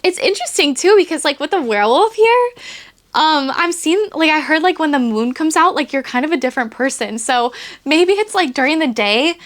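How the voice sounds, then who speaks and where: A woman's voice: high-pitched, animated, moderate pace. A woman giving a casual pick-a-card tarot reading, chatty and giggly, with many fillers. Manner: chatty, giggly, heavy use of "like". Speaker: tarot reader.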